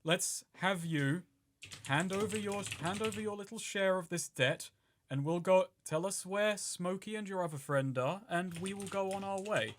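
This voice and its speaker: Man doing a sarcastic debt collector, calm and bright-toned. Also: high-pitched, normal speed, a little hiss or hum, voice pushed up. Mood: pressing. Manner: cool and sarcastic.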